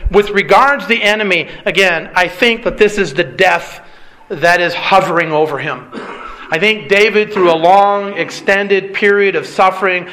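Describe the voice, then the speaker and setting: Male preacher, high bright tone, insistent questioning sermon delivery. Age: adult with a young child. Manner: emphatic preaching with repeated rhetorical questions. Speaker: pastor.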